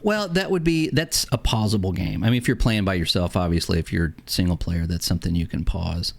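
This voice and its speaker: A man's voice: low voice, fairly quick, gravelly. A middle-aged man hosting a casual gaming podcast, chatty and upbeat, rambling loosely from one thought to the next. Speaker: podcast host.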